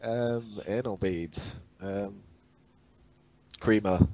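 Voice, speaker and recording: A man's voice: on the low side, fairly even intonation, very slow, highs cut off, very noisy. A man with a northern English accent, a podcast guest talking casually and bluntly, swearing freely. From England. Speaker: podcast guest, former commissioner.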